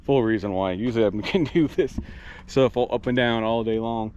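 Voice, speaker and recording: A man of medium pitch talks at a normal pace in a slightly mellow voice, vlogging while he fixes up an old truck. Winded, he rambles plainly and breaks off sentences to start over. The lo-fi audio has slight background noise.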